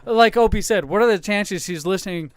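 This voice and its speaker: A man with a high, smooth voice co-hosts a casual podcast and likes to provoke people, swearing freely and laughing a lot. His voice is recorded dry and close, with no room sound. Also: a little fast, dry recording. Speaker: podcast co-host.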